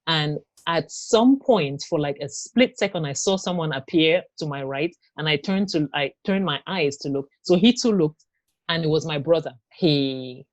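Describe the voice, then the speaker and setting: A woman telling her own story in an interview, speaking haltingly with many fillers and restarts. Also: sits low, dry recording. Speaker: interview guest. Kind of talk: personal testimony in an interview.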